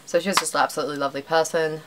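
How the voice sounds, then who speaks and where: A young Australian woman rambles to her camera, self-deprecating and full of fillers. Her voice sits low for a woman. A faint hiss of noise runs under her talk. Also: steady tone, racing. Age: young adult. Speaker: vlogger. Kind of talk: casual chat to camera.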